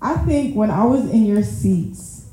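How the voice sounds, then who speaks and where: A woman's voice: medium pitch, animated, unhurried, mellow. A woman giving a casual, conversational sermon, chatty, calling the audience y'all and often laughing at herself. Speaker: preacher. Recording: very echoey room.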